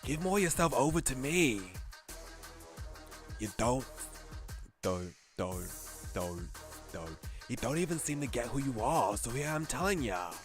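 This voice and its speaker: Guy doing a loud cockney vampire, bossy and taunting, lots of ups and downs. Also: medium pitch, sing-song, unhurried, pauses often. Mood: menacing. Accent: put-on Cockney. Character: menacing male vampire, cocky and domineering. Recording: game music behind.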